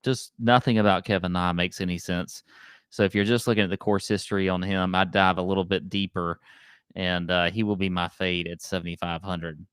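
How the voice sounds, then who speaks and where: A man's voice: low-pitched, flat delivery, a bit bright, clean tone, no echo, clean studio sound. A man co-hosting a golf betting podcast, chatting casually and rattling off stats in an upbeat way. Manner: quick, stat-heavy, upbeat. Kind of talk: casual chat.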